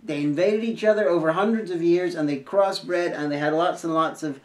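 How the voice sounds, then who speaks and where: A woman co-host with a hard-to-place English accent, explaining things in a measured, lecturing way. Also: lowish voice, echoey room. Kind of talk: casual chat.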